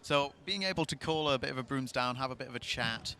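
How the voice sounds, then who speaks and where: A man's voice: mid-range voice, fast talker, sharp tone. A man doing live match commentary outdoors with jokey, chatty banter.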